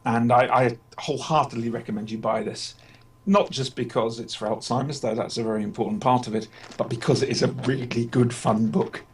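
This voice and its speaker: A man hosting casually, hesitant with many ums, warmly recommending something. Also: mid-range voice, steady tone, brisk. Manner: hesitant, lots of ums, enthusiastic. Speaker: host. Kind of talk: casual chat.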